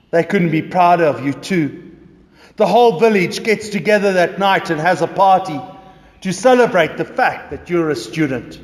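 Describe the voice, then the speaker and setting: A man preaching a sermon, telling a story dramatically in the second person. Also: a little high. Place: church. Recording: echoey church reverb.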